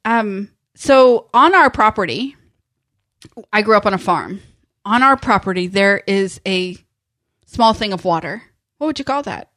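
A woman's voice: medium pitch, animated, fairly bright tone, no room sound, studio quality. A woman with a Southern accent co-hosting a casual faith chat, talking in a chatty, storytelling way. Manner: chatty, storytelling, quick to laugh. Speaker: podcast co-host.

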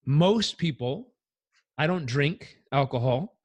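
A man on a podcast telling personal stories in an animated way, acting out the voices in them. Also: fairly high pitch, takes it slowly, no echo. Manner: animated, acts out quotes. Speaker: guest. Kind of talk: conversational storytelling.

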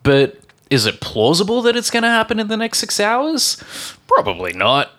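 A man's voice: sits high, wildly swooping pitch, normal speed, a bit bright. A man co-hosting a casual teaching chat, agreeing often and giving careful word definitions. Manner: agreeable, short back-channel replies, careful definitions. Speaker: podcast co-host, English teacher. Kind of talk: casual chat with vocabulary explanations.

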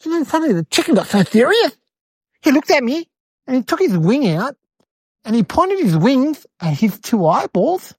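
A woman voicing an eight-year-old city boy, telling a rambling comedic story in a whiny, excitable way. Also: high-pitched, normal speed, slightly rough, no echo, full character voice. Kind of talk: comedic character monologue.

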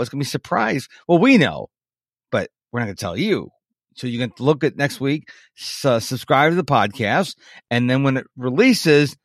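A man's voice: mid-range voice, dry recording, clean studio sound. Rambling, self-joking podcast co-host man. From Texas. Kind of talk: casual podcast chat.

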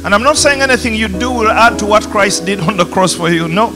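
A pastor with a Ugandan accent preaching a passionate sermon in a church, rising to emphatic peaks. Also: male voice, high-pitched, normal speed. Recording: music playing behind.

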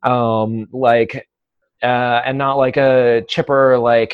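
A man who works as a dog trainer, speaking as an interview guest in a thoughtful, measured way, pausing often with "um" and "uh". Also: medium pitch, little pitch movement, smooth, no echo, dull audio. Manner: thoughtful, measured, many "um" and "uh" pauses. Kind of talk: conversational interview.

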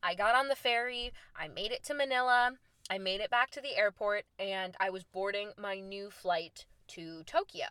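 A young woman telling a travel story in a casual, lively way, acting out the lines she quotes. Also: normal speed, smooth, no echo. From United States. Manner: animated, acts out quoted lines with big pitch jumps. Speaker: storyteller host.

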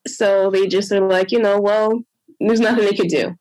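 A woman telling a personal story in casual conversation, animated and acting out what others said. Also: medium pitch, moderate pace, no room sound, poor audio. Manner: animated, re-enacts others with lively quoted voices. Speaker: guest sharing a personal story.

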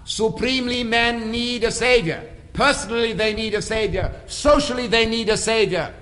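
A man's voice: very high voice, moderate pace, a bit bright. A man preaching a sermon in a church, building emphasis through repeated phrases. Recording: long hall reverb.

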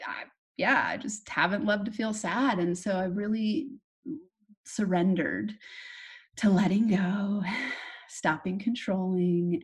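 A woman's voice: fairly low pitch, husky. A young adult woman hosting her own podcast as a manifestation coach, talking candidly and reflectively with fillers and restarts. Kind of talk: solo podcast monologue.

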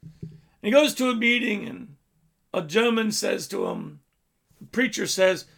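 Male preacher, high and gravelly, dynamic sermon delivery. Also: expressive, normal speed, a bit bright. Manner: storytelling preaching, swells and drops in volume.

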